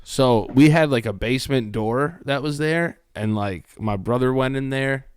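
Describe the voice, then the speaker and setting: A man's voice: medium pitch, measured pace, clean tone. A young man casually telling wild family stories on a podcast, loose and profane. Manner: loose, profane, lively storyteller. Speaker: podcast co-host. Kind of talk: casual storytelling chat.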